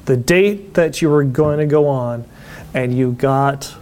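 A man's voice: mid-range voice, measured pace, a little mellow, a little hiss or hum. A man hosting an interview, responding briefly and asking his guest for a story. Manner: brief affirming backchannels. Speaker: interview host.

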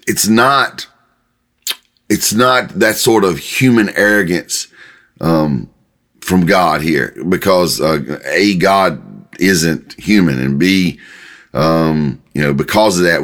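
A male pastor, preaching a sermon with animated delivery and sudden jumps in pitch when voicing God. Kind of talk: podcast sermon teaching.

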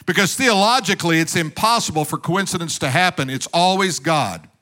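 Male preacher, high and forceful, punchy rhetorical sermon style with playful jabs at the congregation. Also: fairly quick. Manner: emphatic, with rhetorical questions and calls for amen; joking asides to the congregation. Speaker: pastor.

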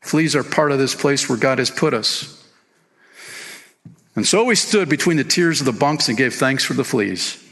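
Gravelly, bright-voiced man preaching in a hall. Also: mid-range voice, moderate pace. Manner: animated, sings hymn lines and reads book passages aloud. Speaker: pastor. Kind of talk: sermon. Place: church sanctuary. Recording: long hall reverb.

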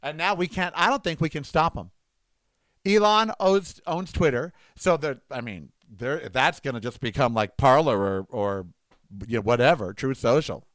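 A man's voice: mid-range voice, moderate pace, a bit bright, dry recording. A man vlogging at home, giving indignant, rambling political commentary with emphatic outbursts.

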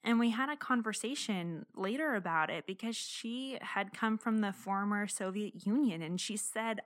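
A woman's voice: mid-range voice, moderate pace, hardly any pauses, no room sound, studio quality. A young woman hosting an interview show, earnestly questioning and thanking her guest. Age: young adult. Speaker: show host. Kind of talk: interview talk.

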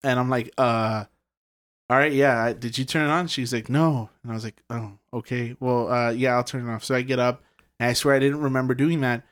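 A man's voice: mid-range voice, fairly even intonation, brisk, fairly bright tone. A young man telling a story in casual chat, rambling, with lots of fillers and swearing. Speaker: podcast guest telling a ghost story.

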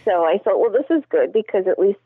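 A woman in casual conversation, telling gentle anecdotes in a deadpan way. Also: mid-range voice, quick pace, dry recording. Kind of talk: casual chat. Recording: tinny phone line.

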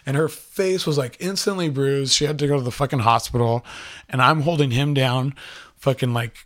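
A young man recounts a personal story in casual, rambling speech. He leans on filler words and swears freely. His voice sits at an ordinary mid pitch. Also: moderate pace, fairly bright tone.

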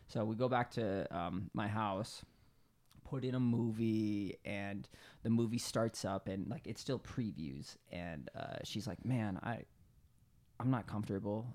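A low-pitched man with a gravelly, fry-heavy voice hosts a podcast. He talks in a loose, relaxed way, filling his sentences with ums and likes. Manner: loose, relaxed storytelling with fillers. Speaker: podcast host. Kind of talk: casual chat.

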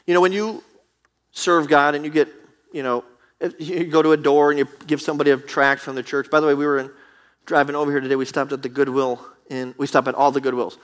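A man preaching a sermon with animated, emphatic delivery and acted asides, from the United States. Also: fairly high pitch, quick pace.

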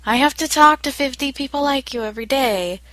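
A woman's voice: sits high, fairly quick, dry recording. A woman in casual chat, telling work stories with frequent laughter. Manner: lively, laughs through her stories.

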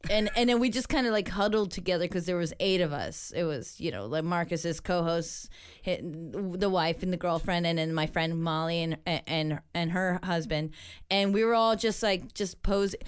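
A woman's voice: lowish voice, moderate pace, clear, resonant tone. A woman on a casual podcast chat, rambling through a story with lots of fillers, restarts and laughs.

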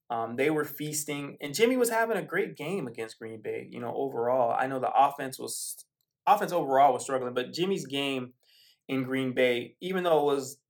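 A man talks football on his own podcast in a loose, rambling monologue. His voice is mid-pitched and ordinary, and his pace jumps between quick bursts and slow, drawn-out stretches. He keeps it casual, full of "um"s and side stories. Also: creaky. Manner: rambling, conversational, with frequent fillers and asides. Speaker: podcast host. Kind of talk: casual sports commentary monologue.

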